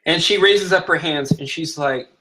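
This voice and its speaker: A man's voice: fairly high pitch, normal speed, sharp tone, poor audio. A man narrating as game master of a tabletop role-playing game, who plays the characters in his own voice.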